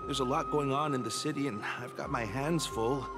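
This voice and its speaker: An actor playing a harried young man who sounds flustered and defensive in game dialogue, with clear game music underneath. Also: medium pitch, fairly quick, lightly acted.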